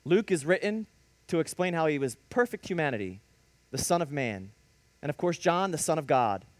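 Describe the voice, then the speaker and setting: A male preacher delivering a lively sermon, telling stories and rising to sudden emphatic bursts. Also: on the high side, moderate pace, dry recording. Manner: animated preaching with storytelling and sudden emphatic rises.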